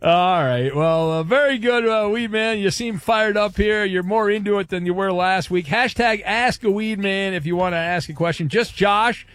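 A man's voice: sits high, a bit bright, no room sound. A man hosting a radio talk show, joking and brash as he reads listener questions. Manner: brash, joking, quick asides.

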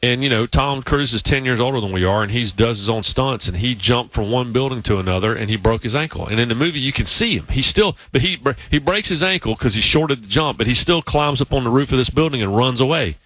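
A man's voice: medium pitch, quick pace, hardly any pauses, a bit bright, dry recording. A man hosting a sports talk show, telling long stories in a casual, rambling way. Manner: storytelling, rambling with restarts. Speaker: podcast host.

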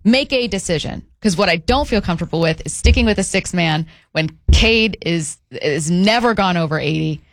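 A woman's voice: on the low side, lively intonation, moderate pace, hardly any pauses, dry recording. A woman co-hosting a casual sports talk show, giving firm opinions and often restarting her sentences. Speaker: co-host.

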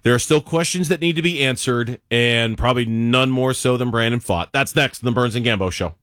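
Male sports talk host, mid-pitched, loose conversational delivery, dry studio mic. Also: fairly quick, no room sound. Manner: animated, talks in restarts and asides. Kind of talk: casual sports radio chat.

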